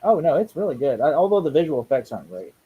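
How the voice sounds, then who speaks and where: A man in casual chat at a movie watch party, animated and argumentative, swearing freely. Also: a little high, fast talker, husky, narrow, tinny audio.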